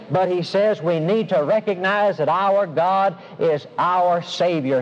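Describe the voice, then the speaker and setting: A man preaching a sermon, emphatic, slowing down and stressing his key phrases. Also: high voice, darkish tone. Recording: dull lo-fi sermon recording with faint hiss.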